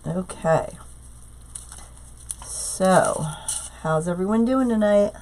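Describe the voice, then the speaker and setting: Middle-aged lady hosting a live craft stream, a bit hoarse from a cold, slow and chatty, says hi to everyone. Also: mid-range voice, lively intonation, warm tone. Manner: chatty, greets viewers by name between steps. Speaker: craft tutorial host. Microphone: tablet streaming live.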